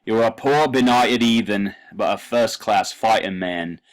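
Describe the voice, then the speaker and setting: A man putting on a Cockney accent to play a drunk man reciting a poem in a loud, singsong recital. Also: fairly low pitch, a little slow, pitched above the performer's own voice, natural voice. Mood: rousing. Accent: put-on Cockney.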